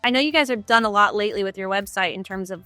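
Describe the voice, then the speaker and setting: A woman's voice: medium pitch, rapid-fire, bright, forceful tone, no echo, soft background music. A woman hosting a casual video-call interview, chatty and upbeat, often saying "like". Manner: chatty, upbeat, frequent "like" fillers. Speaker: host.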